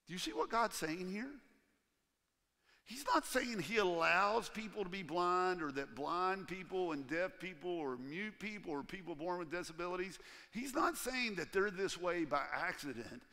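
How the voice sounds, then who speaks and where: A man preaching a sermon as pastor in a church, animated and acting out the voices he quotes. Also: sits high, normal speed, long reverb tail. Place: church sanctuary.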